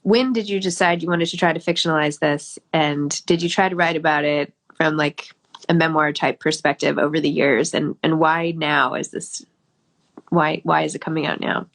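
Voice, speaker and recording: A woman's voice: deep voice, fairly even intonation, moderate pace. A woman hosting a live video interview, reacting with astonishment and asking stumbling, repeated questions. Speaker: host, interviewer. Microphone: video call mic.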